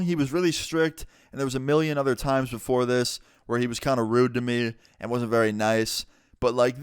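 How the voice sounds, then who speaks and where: A man's voice: medium pitch, smooth, dry recording, studio quality. A man telling a story time in a chatty, casual way, filling his talk with "like" and acting out the people he quotes. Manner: chatty, quick to act out people he quotes, lots of "like". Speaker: storyteller vlogger.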